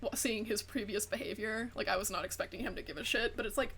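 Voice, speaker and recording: Bright-voiced young woman streamer. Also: mid-range voice, fast talker, slight background noise. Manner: animated, swears freely, heavy use of "like". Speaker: VTuber streamer. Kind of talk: casual chat while gaming.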